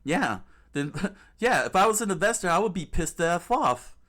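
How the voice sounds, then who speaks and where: A man's voice: high-pitched, very animated, moderate pace, a bit bright. Emphatic, repetitive gaming channel guy. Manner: emphatic and repetitive, with many restarts and fillers. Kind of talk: casual commentary while browsing clips.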